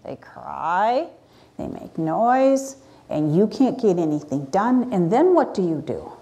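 Animated woman telling children a story. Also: fairly low pitch, slow pace, breathy edge. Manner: animated, asks children questions.

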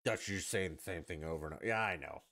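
Low-voiced man on a sarcastic rant. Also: quick pace, gravelly, fairly bright tone. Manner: profane, sarcastic, rambling rant. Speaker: podcast host. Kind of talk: ranting solo podcast monologue.

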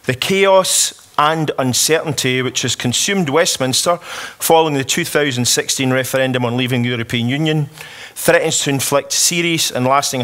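A middle-aged Scottish man with a Scottish accent, giving a prepared political speech at a conference and speaking slowly on purpose. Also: medium pitch, a bit bright. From Scotland. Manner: measured, deliberately slowed delivery. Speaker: conference speaker, member of parliament. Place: conference hall.

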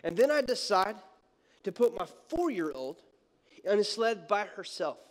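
A man preaching a sermon as pastor, telling a story in an animated, joking way. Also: sits high, a little slow. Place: church sanctuary. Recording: long church hall reverb.

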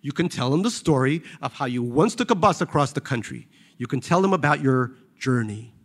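A man reading aloud, voicing a calm, blunt male former employee who speaks in a level, reproachful way. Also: medium pitch, a little fast. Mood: dry.

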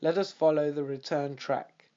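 A man reading an audiobook, voicing a sharp, confident male detective who speaks crisply and with command. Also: on the high side, fairly even intonation, normal speed, dull audio, natural voice. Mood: assured.

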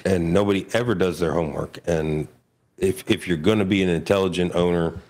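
A man's voice: low-pitched, fairly even intonation, brisk, a little mellow. A man, an industry guest on a podcast, speaking bluntly and with exasperation and swearing. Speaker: guest, HVAC contractor. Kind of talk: casual podcast chat.

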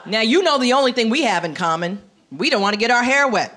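A woman's voice: fairly high pitch, animated, fast, a bit bright. Brassy woman doing stand-up. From New York City. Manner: brassy, drops into put-on voices for her characters. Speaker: stand-up comedian. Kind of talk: stand-up comedy set. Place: comedy club stage with a laughing audience.

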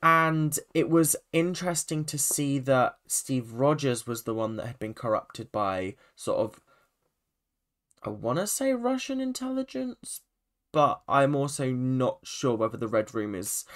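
A man's voice: mid-range voice, a little slow, a bit bright. A man giving a casual, rambling spoken review of a TV episode, full of restarts and asides. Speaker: TV review vlogger.

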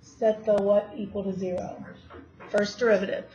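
Working through problems in a classroom lecture, this woman math teacher keeps asking her students questions. She speaks at a normal speed in a medium-pitched, steady, warm voice, captured on a dull lo-fi recording with faint hiss.

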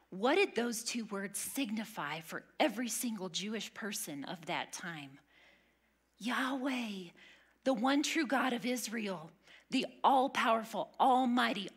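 A woman teaching a women's Bible study, earnest and emphatic, sometimes dropping to a hush. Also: a little high, breathy edge. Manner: earnest, emphatic, drops to a hush on key lines.

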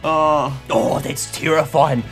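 A young man giving excitable, goofy gameplay commentary as a channel host, yelping and shouting at sudden moments. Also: a little high, slow, faint music behind. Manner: goofy self-mocking banter.

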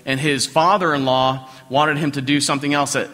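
The recording, heavy with long hall reverb, captures a Southern American man preaching as pastor in a church sanctuary. He's conversational, repeating phrases and questioning the congregation, his slightly high voice steady in tone, brisk, pushed and bright.

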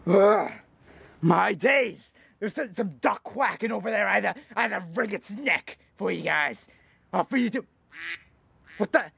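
A man's voice: high voice, expressive, measured pace, creaky, fairly bright tone, breathy edge, no room sound, exaggerated voice. A man playing a hot-tempered, boastful eighty-year-old food reviewer who rambles and rants, repeating himself as he goes. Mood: yelling. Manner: rambling, ranting, repeats "let me tell you something". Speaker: comedy YouTuber in character. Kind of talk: comedic character monologue.

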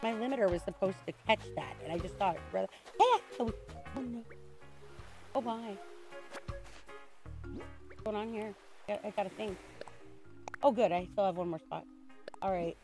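A woman streaming a video game, chatting casually in an excitable, rambling way with frequent restarts. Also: medium pitch, moderate pace, pauses often, over music. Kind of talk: casual game livestream chat.

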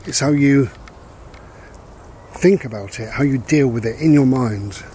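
A man's voice: medium pitch, measured pace, mellow, a little hiss or hum. A man talking through life advice in a casual rambling monologue, reflective and repeating his key points. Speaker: vlogger giving life advice. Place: outdoors walking a dog.

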